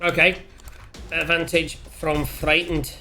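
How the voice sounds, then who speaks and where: A man chatting excitedly as a player wrapping up a tabletop game session, swearing freely. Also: on the high side, takes it slowly. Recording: faint music behind.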